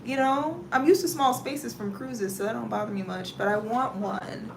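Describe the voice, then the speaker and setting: A woman hosts a relaxed livestream chat in a Southern US accent, animatedly telling stories with dramatic exclamations and reading viewers' comments. Her voice sits on the high side at a normal speed, with vocal fry and background noise.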